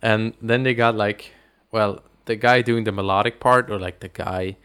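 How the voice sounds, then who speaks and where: A man co-hosting a casual movie review podcast, retelling scenes in a lively way and laughing often. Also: on the low side, moderate pace, clean tone. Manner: animated retelling, acts out lines, laughs often. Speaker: podcast co-host.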